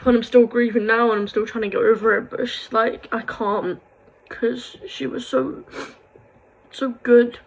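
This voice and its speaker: A woman's voice: fairly high pitch, fairly even intonation, measured pace, creaky, rough recording. A young woman talks in an emotional confessional vlog, rambling and heartfelt, and at times bursts into angry rants. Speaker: vlogger.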